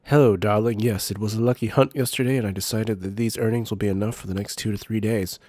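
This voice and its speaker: A man's voice: lowish voice, fairly even intonation, quick pace, a little mellow, no room sound, studio quality, lightly acted. A man reading the lines of a protective, blunt hunter husband in a game, in an earnest tone. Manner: earnest read-aloud delivery.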